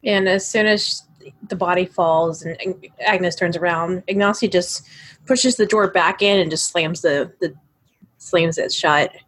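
A woman playing a tabletop game, narrating her character's actions in a casual, animated way. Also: fairly low pitch, a little slow. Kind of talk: casual role-play narration.

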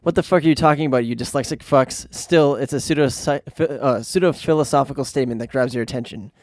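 A man's voice: mid-range voice, fast, a little mellow, no echo. A man co-hosting a podcast, reading a listener's list in a blunt, sardonic way with plenty of swearing. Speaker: podcast co-host.

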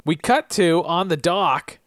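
A man's voice: high-pitched, slow, fairly bright tone, no room sound, clean studio sound. A man co-hosting a podcast, recapping TV episodes in casual chat and joking as he slips into character voices. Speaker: podcast co-host.

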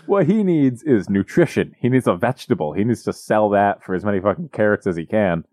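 A man's voice: expressive, brisk, darkish tone, dry recording, studio quality. A man co-hosting a podcast in casual chat, sardonic and swearing freely as he jokes. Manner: sardonic, swears freely, jumps into high mock voices. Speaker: podcast co-host.

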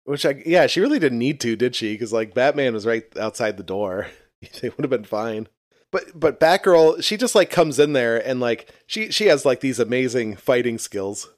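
A man's voice: medium pitch, animated, moderate pace, dry recording, studio quality. Mocking man in casual crude chat. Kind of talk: casual chat reviewing a TV episode.

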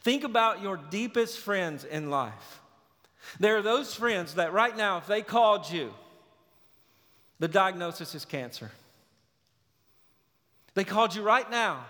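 Male pastor, higher voice, earnest sermon delivery, long reverb of a church hall. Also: lively intonation, measured pace, long pauses. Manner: earnest preaching, swinging from loud urgency to hushed tenderness.

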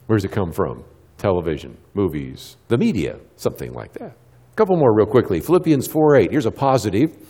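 A man's voice: fairly low pitch, big pitch swings, dark tone, slightly rough, in a large hall. A middle-aged man giving a church talk to a live audience, asking them questions and answering them himself, and acting out little exchanges with kids. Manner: acts out quick little dialogues with kids. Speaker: Christian speaker.

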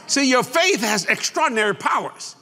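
A man's voice: very high voice, animated, moderate pace, bright, forceful tone. A man preaching a sermon, folksy and boastful, laughing at his own lines. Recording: long hall reverb.

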